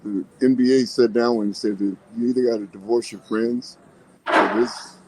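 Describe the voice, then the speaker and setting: A man's voice: mid-range voice, fairly even intonation, moderate pace, background noise. An older man in casual podcast chat, telling folksy stories about work and life and laughing often.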